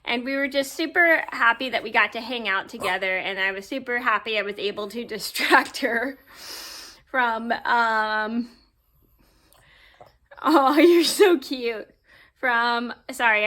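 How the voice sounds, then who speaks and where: A woman's voice: medium pitch, brisk, hardly any pauses, bright, forceful tone. A woman vlogger telling a story to camera in a casual, rambling way with many fillers. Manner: rambling, filler-heavy, easily sidetracked.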